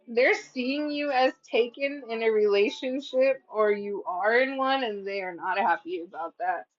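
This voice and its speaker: Speaking a little slowly in a fairly high voice, this tarot reader keeps things casual, blunt, and profane. She mimics what people say and cracks up at her own readings, all captured in slightly muffled lo-fi audio.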